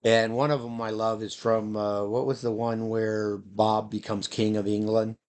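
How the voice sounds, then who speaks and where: A man's voice: fairly low pitch, level tone, unhurried, darkish tone. Rambling man musing aloud. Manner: meandering, playful, breaks into silly dog noises and voices. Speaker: vlogger. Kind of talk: rambling casual monologue.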